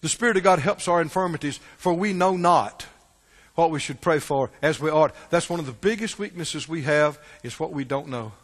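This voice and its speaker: A man preaching a sermon, folksy and animated, with chuckling asides. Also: a little high, moderate pace, slightly rough, big-room sound.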